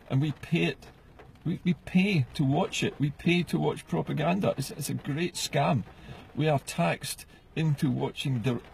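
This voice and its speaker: Middle-aged Scottish man, fiery vlog rant, gravelly edge, mid-range voice. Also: mid-range voice, a little mellow, a little hiss or hum, low-quality recording. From Scotland. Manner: impassioned, rhetorical questions. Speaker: political vlogger. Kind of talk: ranting to camera. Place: inside a car.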